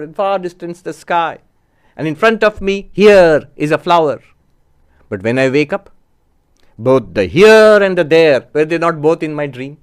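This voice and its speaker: A man giving a spiritual discourse as a Vedanta teacher, measured and explanatory, often posing rhetorical questions. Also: on the high side, clear, resonant tone.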